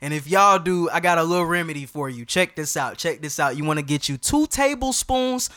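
Male podcast host, fairly high, clear voice; loud, slangy, hyped casual talk. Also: lively intonation, brisk.

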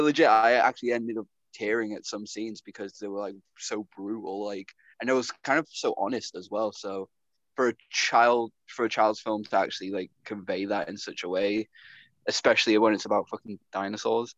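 A man's voice: fairly low pitch, steady tone, normal speed, fairly bright tone, dry recording. A man on a podcast panel, talking with casual enthusiasm and an easy swear now and then. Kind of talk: casual group chat. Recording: dry, dull lo-fi sound.

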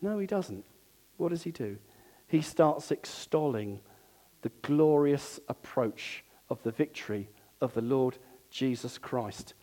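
A man's voice: mid-range voice, animated, slow pace, warm tone. A man preaching a sermon to his congregation in an earnest, conversational way, with asides to the listeners.

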